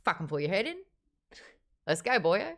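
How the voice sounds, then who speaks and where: A woman putting on a brash young male rebel fighter with an Australian accent, loud and swaggering. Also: big pitch swings, normal speed, gravelly. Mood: rowdy. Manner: loud, swaggering, high-pitched.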